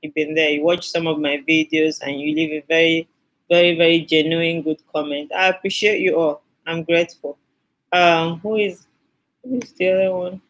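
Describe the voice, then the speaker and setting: A woman's voice: deep voice, steady tone, moderate pace, low-quality recording. A woman hosting a skincare live stream, chatting with viewers and thanking them effusively, often repeating her phrases. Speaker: skincare channel host.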